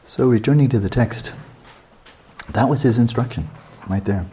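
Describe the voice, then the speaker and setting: A man in his sixties teaching a meditation retreat, talking calmly and reflectively and asking many searching questions. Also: medium pitch, moderate pace, slight background noise. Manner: calm, reflective, asks many rhetorical questions.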